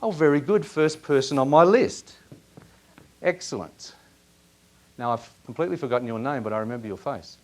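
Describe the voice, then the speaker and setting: A man leading a live workshop in a seminar room, asking audience members lively questions. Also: medium pitch, moderate pace, pauses often. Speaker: workshop presenter.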